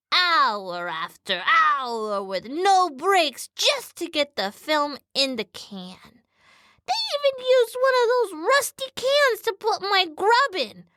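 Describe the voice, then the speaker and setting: A sassy little female terrier movie star tells her own tale, as a woman puts her on. The voice sits high and swoops widely, unhurried and bright, and it is recorded dry and close. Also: no echo, heavily acted. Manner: sassy first-person storytelling.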